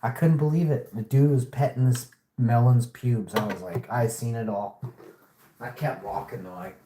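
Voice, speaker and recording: A man's voice: mid-range voice, normal speed, reverberant, background noise. A man hosting a casual vlog, telling rambling stories full of swearing. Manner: profane, rambling, animated storytelling. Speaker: host.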